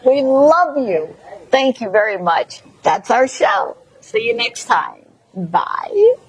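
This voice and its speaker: A woman's voice: fairly high pitch, very animated, takes it slowly, soft background music, poor audio. A woman with a Mississippi accent hosting a talk show, effusive and preachy as she gushes praise and encouragement. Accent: Southern US, Mississippi. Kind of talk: emotional, encouraging chat show closing.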